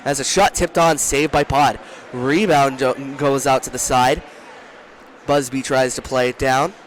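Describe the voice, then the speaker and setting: A young man calling a hockey game from a rink booth, talking fast, shouting during rushes and often correcting himself. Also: medium pitch, fairly even intonation, slight background noise. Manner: rapid, rising to shouts during rushes, with frequent self-corrections. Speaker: play-by-play commentator. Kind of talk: live hockey play-by-play commentary. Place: broadcast booth at an ice rink.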